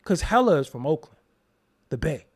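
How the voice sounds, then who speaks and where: A man's voice: a little high, big pitch swings, normal speed, darkish tone, slightly rough. A man hosting his own show, ranting live to his chat in a mocking, profane way and laughing often. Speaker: show host. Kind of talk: live-stream rant answering chat.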